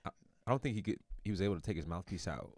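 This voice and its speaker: Deep-voiced man on a podcast. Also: rapid-fire, no echo, clean studio sound. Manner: relaxed, backchannels, chimes in with reactions. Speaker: podcast host. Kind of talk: casual chat. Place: podcast studio.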